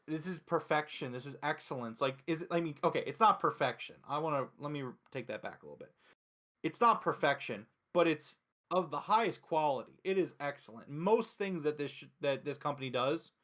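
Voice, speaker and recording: A man from Philadelphia with a slightly high voice, reviewing wrestling in a loose, unscripted chat. He talks with eager, emphatic energy and swears freely, repeating his points for stress. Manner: excited, profane, emphatic. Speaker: host.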